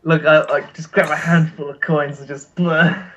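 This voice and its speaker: Playful male player on a somewhat dull, lo-fi line, slightly high voice. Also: little pitch movement, moderate pace, a bit bright. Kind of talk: casual tabletop role-play.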